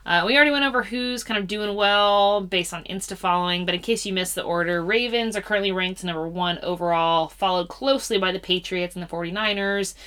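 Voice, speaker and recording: A young woman chatting on a sports podcast with a bright, forward voice. She is playful and jokey, teasing her co-host. The talk is loose and casual. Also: mid-range voice, fairly quick, few pauses, smooth. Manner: playful, jokey, makes sound effects. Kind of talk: casual chat.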